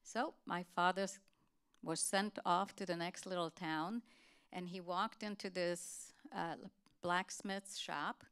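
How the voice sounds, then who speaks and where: A woman giving a talk, telling a family story to an audience in an earnest, steady way. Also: fairly low pitch, slow pace, clear, resonant tone. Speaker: guest speaker.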